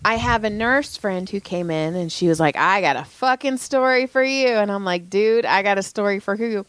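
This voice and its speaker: A woman's voice: medium pitch, moderate pace, clear, resonant tone, dry recording. Profane storytelling woman podcaster. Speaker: podcast co-host, massage therapist. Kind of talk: casual chat, venting anecdotes.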